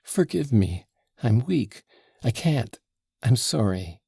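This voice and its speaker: A man's voice: mid-range voice, very animated, slow pace, creaky, mellow, husky, dry recording, clean studio sound, full character voice. A man voicing an impulsive, emotional young woman who is tipsy and pleading, in an audiobook reading. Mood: faint. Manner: pleading, breathless.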